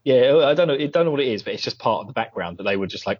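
Casual podcast co-host, male, husky, laughs a lot, muffled headset sound. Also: animated, very fast. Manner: giggly, acts out quotes in high voices. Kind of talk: casual chat recapping a TV episode. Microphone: Bluetooth headset. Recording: dull lo-fi headset audio.

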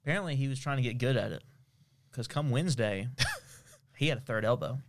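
A man's voice: medium pitch, a little fast. A man co-hosting a podcast in casual chat, making dry teasing remarks and telling stories. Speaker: podcast co-host.

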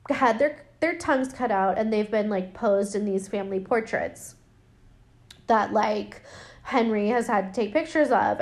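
A woman's voice: fairly high pitch, a little mellow. Chatty, sarcastic young woman host. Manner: chatty, sarcastic, profane, filler-heavy. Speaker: podcast host. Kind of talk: casual film recap.

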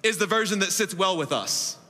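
A man in his thirties preaching a sermon as pastor, emphatic, with laughing asides and big swings between loud and soft. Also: high-pitched, expressive, brisk. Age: 30s. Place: church auditorium. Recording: echoey hall reverb.

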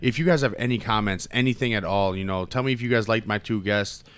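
A man's voice: fairly low pitch, fast talker, fairly bright tone, clear, resonant tone, no echo. A man hosting a casual podcast, laid-back and slangy, swearing freely. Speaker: podcast host.

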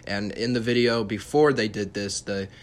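A man's voice: lowish voice, fairly even intonation, normal speed. A young man hosting a casual solo podcast, rambling and swearing freely, with many fillers and restarts and flashes of sarcasm. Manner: sarcastic at times. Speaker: podcast host.

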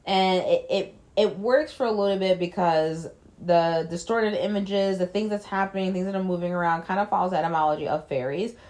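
Brief: a chatty woman with a lowish voice, casually recapping a film, blunt and full of fillers. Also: fairly quick, hardly any pauses, darkish tone. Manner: chatty, loose, lots of "like" fillers, blunt swearing. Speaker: film reviewer.

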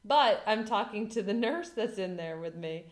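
Woman, 30s, casual host; lively, dramatic storyteller; roomy echo. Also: medium pitch, normal speed. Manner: animated, dramatic retelling with lots of "like". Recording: echoey room.

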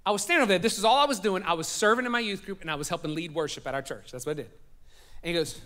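Animated high-voiced Southern pastor. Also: male voice, racing. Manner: animated, jokes with the congregation. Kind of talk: sermon storytelling. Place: church sanctuary.

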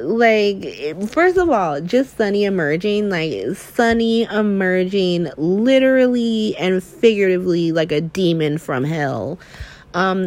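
A young woman in casual chat, recapping soap opera episodes in a chatty, animated way, full of fillers and swearing. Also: fairly low pitch. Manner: chatty, filler-heavy, profane, animated retelling.

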